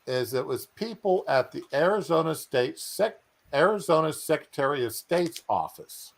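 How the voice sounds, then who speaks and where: A man hosts a casual stream at a middling pitch. He jokes and drawls and often trails off into fillers. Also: creaky, a bit bright. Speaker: stream host. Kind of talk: casual chat. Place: home, at bed.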